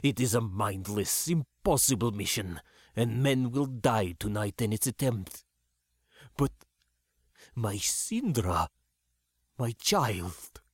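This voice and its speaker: A man voicing an older commissioner, a weary, grieving father who speaks slowly and heavily. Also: lowish voice, lively intonation, breathy edge, no echo, studio quality, heavily acted. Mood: pleading. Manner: slow, heavy, pleading.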